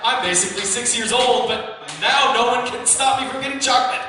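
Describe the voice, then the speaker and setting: A young man doing a stand-up set in a small comedy venue, self-mocking, profane and excitable. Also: very high voice, fairly quick. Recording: echoey room, distant mic, faint noise.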